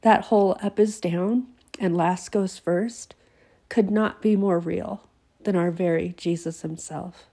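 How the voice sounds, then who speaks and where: Woman, devotional talk, earnest and emphatic, sick and teary, warm mellow tone. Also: on the low side, steady tone, unhurried, breathy edge. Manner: emphatic, earnest, drops to whispers. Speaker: Christian devotional host.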